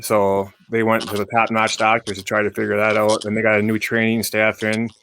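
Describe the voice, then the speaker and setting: A man hosting a podcast, talking in a relaxed, conversational way. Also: fairly low pitch, fairly quick, a little hiss or hum. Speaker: podcast host. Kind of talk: casual chat.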